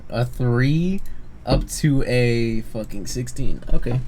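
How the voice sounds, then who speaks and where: A man narrating as game master in a casual, halting way with many fillers. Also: medium pitch. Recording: noisy home recording.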